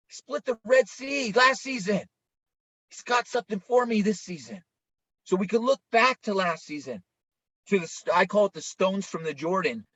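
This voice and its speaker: A man's voice: sits high, brisk, a bit bright, dry recording. A male pastor preaching an informal, conversational sermon, often checking in with listeners by asking "right?". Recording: dull lo-fi, dry sound.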